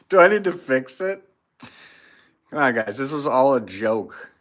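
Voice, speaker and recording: A man's voice: mid-range voice, fairly bright tone. A man with an American accent hosting a casual pottery livestream, reading out viewer comments and joking with a frequent chuckle. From United States. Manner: jokey, chuckles often.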